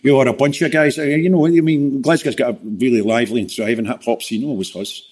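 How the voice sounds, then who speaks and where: A man's voice: mid-range voice, steady tone, fast, darkish tone, slightly rough. Rambling man in casual chat. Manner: rambling, full of "you know" fillers and restarts. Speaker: guest.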